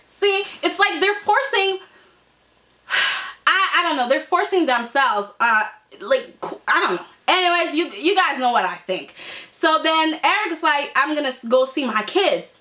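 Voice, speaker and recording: A woman reviewing a soap opera in casual, animated chat, full of "like" and "I mean". She is opinionated and keeps circling back to her point. Her voice is high and bright. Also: a little slow. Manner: animated and opinionated, lots of fillers.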